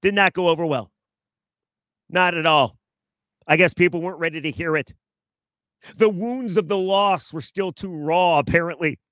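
A man's voice: fairly high pitch, normal speed, pauses often, fairly bright tone, no room sound. Wry male sports talk host. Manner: sarcastic, self-mocking, talks straight to listeners. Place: outdoors in his backyard.

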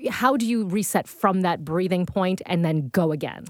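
A woman's voice: lowish voice, moderate pace, no echo, studio quality. A woman co-hosting a parenting talk show, chatting candidly about her own parenting. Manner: candid, self-deprecating. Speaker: co-host. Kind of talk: casual chat.

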